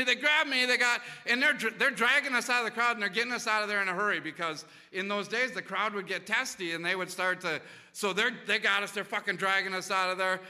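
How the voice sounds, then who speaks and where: A man's voice: extremely high pitch, sharp tone, big-room sound. A man casually telling a rambling, profane anecdote full of restarts. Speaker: storyteller.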